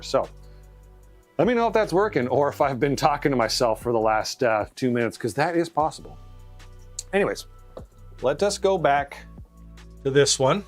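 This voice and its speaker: Upbeat man hosting a stream. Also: mid-range voice. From Canada. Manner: upbeat, chatty, reads viewer comments aloud. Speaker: live stream host. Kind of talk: casual live-stream chat. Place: home studio. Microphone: shotgun mic.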